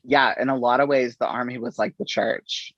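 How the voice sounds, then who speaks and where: A middle-aged man, an interview guest, telling his story in an unhurried, halting way and acting out the exchanges he quotes. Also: mid-range voice, lively intonation, gravelly, a bit bright, no echo. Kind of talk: conversational storytelling. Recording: dull, slightly lo-fi audio.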